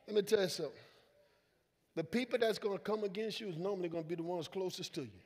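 A senior pastor with a high-pitched voice preaches fast to his congregation, moving between soft asides and loud, emphatic calls in a call-and-response style. He voices quoted characters in easy vernacular, and the church sanctuary adds a long reverb.

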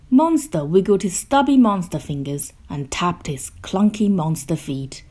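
A woman reading a children's picture book aloud, slow, gentle and expressive, sometimes dropping to a hush. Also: on the low side, husky. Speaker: storyteller.

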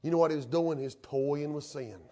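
A man's voice: a little high, moderate pace, dark tone. A male pastor, preaching a sermon in a folksy way that rises to fervent emphasis.

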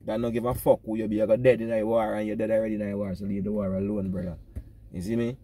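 His voice is on the low side, husky and fast, with a Jamaican accent. In the guise of a self-proclaimed pastor, this comic vlogger goes on a meandering rant full of preachy energy. The word "brother" comes back rhythmically in almost every line.

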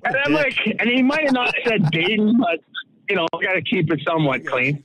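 A man's voice: high voice, expressive, a little fast, fairly bright tone. A middle-aged man from Saskatoon, a former hockey player guesting on an interview and telling stories in a rambling way, full of fillers and restarts. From Saskatoon, Canada. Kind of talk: casual storytelling interview. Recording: tinny phone-like line, dry.

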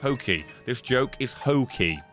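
A British man streaming a game live, swearing freely, excitable, and effusively thanking his viewers. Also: medium pitch, moderate pace, soft background music. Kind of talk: live gaming stream commentary.

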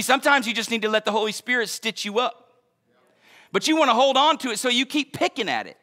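A man preaching a sermon as pastor, in an energetic, conversational way with joking asides. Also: sits high, in a large hall.

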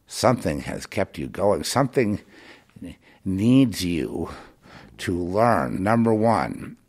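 Gravelly low-voiced man ranting. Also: very animated, slow, darkish tone. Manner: rambling and impassioned, many restarts; sarcastic, scolding the listener. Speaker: podcast host. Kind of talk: podcast monologue.

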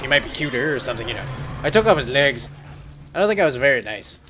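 A man giving casual let's play commentary, joking and rambling, with sudden loud yelps, while sick. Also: a little high, slight background noise. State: sick, on medication.

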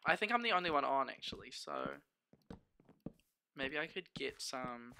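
A young man streaming a game, chatting casually and swearing freely. He talks to his viewers and to himself, with sudden excited outbursts. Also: mid-range voice, moderate pace, gravelly, background noise. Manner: talks to the chat and himself as he plays. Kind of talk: casual gameplay commentary.

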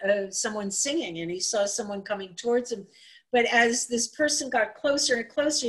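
A woman telling a folk tale aloud on a live stream, in an animated, chatty way with asides and restarts. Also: fairly high pitch, poor audio. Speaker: storyteller. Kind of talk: casual live-streamed storytelling.

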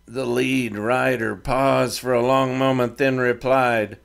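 A man reads his own Western story aloud, taking his time over each line. His voice is gravelly and unhurried, sitting at an ordinary middle pitch. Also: flat delivery. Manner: slow, measured reading of fiction. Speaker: author and narrator. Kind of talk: scripted narration.

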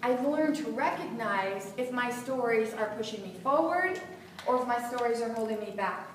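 A middle-aged woman giving a motivational talk to a live audience, animated and laughing often as she acts out inner voices. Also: a little high, normal speed, slight background noise. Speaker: motivational speaker. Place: seminar room with audience. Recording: echoey hall, voice from far off.

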